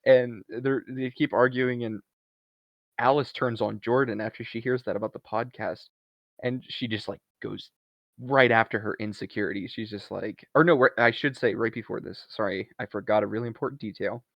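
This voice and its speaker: A man's voice: mid-range voice, moderate pace, creaky, no echo. A man co-hosting a podcast, casually recapping a movie and acting out the characters' lines. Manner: animated storytelling, acts out characters' lines. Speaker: podcast co-host. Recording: dull lo-fi, dry.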